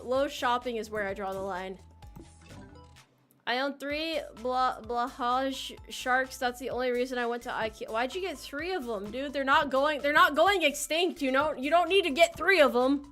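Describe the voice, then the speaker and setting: Woman streamer, high bright voice, playful and teasing with chat, stammers and restarts, faint game music behind. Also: normal speed. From United States. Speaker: VTuber streamer. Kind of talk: casual live-stream chat while playing a game.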